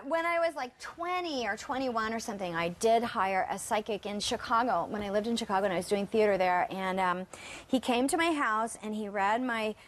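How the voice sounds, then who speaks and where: A woman's voice: mid-range voice, animated, a little fast. A woman from the United States, a guest actress chatting casually in an interview and laughing often. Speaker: guest actor and singer.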